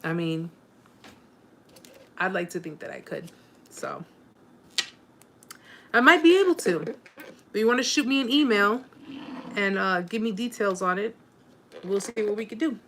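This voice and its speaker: A woman's voice: mid-range voice, animated, a little slow, long pauses, slight background noise. Emotional woman live-chat host, rambling. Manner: warm, rambling, with many fillers and restarts; openly emotional and encouraging. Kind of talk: casual live-stream chat with viewers.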